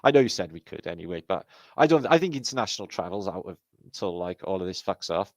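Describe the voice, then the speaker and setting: A man's voice: sits low, sing-song, fast talker, dry recording. Chatty Welsh man hosting a livestream. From Wales. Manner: chatty, swears freely, jokey banter. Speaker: livestream host. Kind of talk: casual livestream chat greeting viewers.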